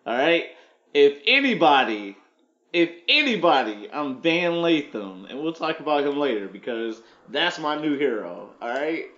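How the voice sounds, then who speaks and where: Jokey guy on a podcast, higher voice, sounds roomy and kinda muffled. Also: very animated, measured pace, a bit bright. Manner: playful, jokey, repeats himself for effect. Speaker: podcast co-host. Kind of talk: casual chat.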